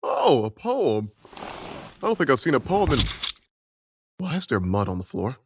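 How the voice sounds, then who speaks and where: A man's voice: medium pitch, huge pitch swings, a little slow, noisy background, pitched above the performer's own voice. A man voicing an easygoing adult man in a tabletop role-play, rambling and hesitant, with jokey asides.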